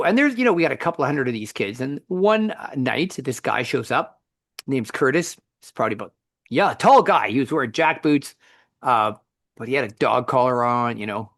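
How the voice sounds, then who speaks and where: Animated male storyteller, dry close sound. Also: medium pitch, vocal fry, no room sound. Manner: animated storyteller, frequent restarts. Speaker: podcast co-host. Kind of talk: conversational storytelling and teaching.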